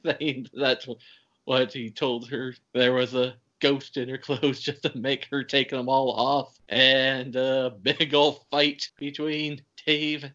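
Bright-voiced podcast host recapping a movie. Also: medium pitch, flat delivery, slow. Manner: chatty, laughs while retelling scenes. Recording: dull, lo-fi podcast audio.

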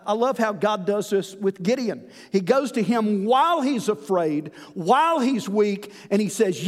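A male pastor preaching a sermon in an earnest manner, slowing down to stress key lines. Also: high-pitched, a little mellow, big-room sound.

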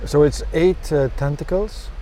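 A man co-hosting a radio show, chatting casually outdoors by a canal in a rambling, halting way full of restarts. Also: fairly high pitch, dark tone, a little hiss or hum. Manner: rambling, halting restarts, playful sound effects.

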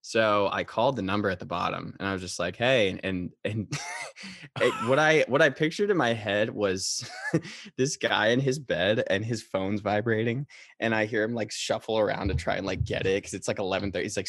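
A man in casual podcast chat, telling a story with animated delivery and frequent laughter. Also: lowish voice, normal speed, no room sound, clean studio sound.

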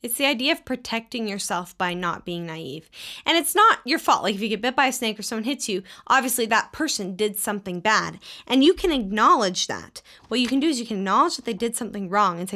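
A woman co-hosts a casual advice talk and explains her points calmly. Her voice is bright and forward, and she sounds conversational rather than preachy. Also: mid-range voice, fairly quick. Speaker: co-host.

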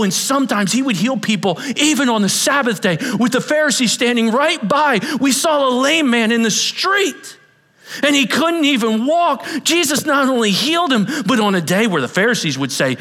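High-voiced preacher in a reverberant hall. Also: male voice. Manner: dramatic, shifting from shouts to whispers. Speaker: pastor. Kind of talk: sermon. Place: large hall with an audience.

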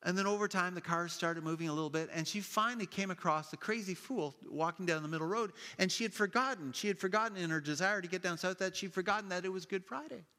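A man preaching a sermon, telling stories in a lively way and acting out the people in them with playful voices. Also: high voice, fast talker, few pauses. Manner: animated storytelling with playful quoted voices. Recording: long hall reverb.

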